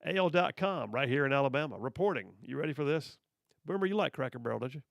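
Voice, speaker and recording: A man's voice: mid-range voice, expressive, quick pace, vocal fry, dry recording. A male radio host reading news stories aloud with sarcastic, teasing asides to his listeners, recorded on a studio microphone. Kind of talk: conservative talk radio commentary.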